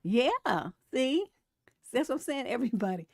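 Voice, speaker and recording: A woman's voice: a little high, normal speed, no room sound. Chatty woman host, dry close sound. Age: over 40. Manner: chatty and animated, laughs often, reads comments aloud. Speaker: relationship coach and live-stream host. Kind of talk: casual live-stream commentary.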